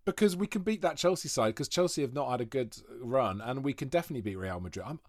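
A man in his forties from Wales, a podcast guest telling long rambling stories with quick asides in casual chat. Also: medium pitch, expressive, no echo, clean studio sound. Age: 40s.

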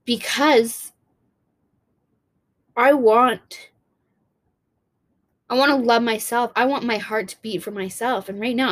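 A woman's voice: fairly high pitch, no echo. A young woman vlogging in a casual, heartfelt monologue, rambling and restarting her sentences and swearing casually.

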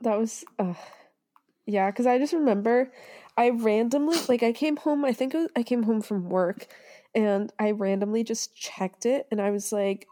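A woman's voice: fairly high pitch, normal speed, dark tone. A young woman co-hosting a casual fan podcast, gushing and squealing and laughing often. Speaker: podcast co-host.

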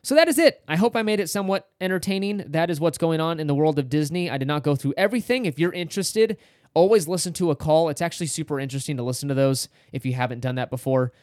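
A man's voice: on the high side, fast, a little mellow, dry recording, studio quality. A man co-hosting a casual podcast, explaining figures in an upbeat way and teasing as quizmaster. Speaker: podcast co-host.

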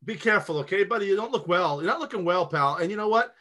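A man's voice: sits high, animated, fast talker, pushed and bright. A man playing a brash male president who constantly interrupts and mocks his rival in an improvised comedy skit. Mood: mocking. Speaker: podcast co-host.

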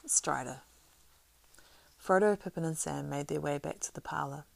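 A woman narrating a storybook aloud in a steady, unhurried reading. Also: low-pitched, vocal fry, no room sound. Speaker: audiobook narrator.

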